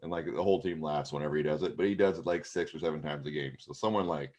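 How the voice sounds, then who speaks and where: Deep-voiced guy rambling about sports on a podcast, lots of uhs and likes. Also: fast, darkish tone, dull audio. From Pacific Northwest of the US. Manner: rambling, loose storytelling with many fillers. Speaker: co-host. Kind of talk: casual sports chat.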